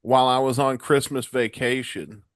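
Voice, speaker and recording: A man's voice: mid-range voice, fairly even intonation, moderate pace, no echo, clean studio sound. Profane sick man telling rowdy stories. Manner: profane storytelling, stammering restarts. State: sick with a cold. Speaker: podcast co-host. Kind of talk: casual rowdy chat.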